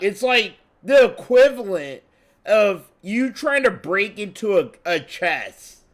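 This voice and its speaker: A man doing casual reaction commentary over a game stream, profane, excitable and rambling. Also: high voice, slow pace. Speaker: restream commentator.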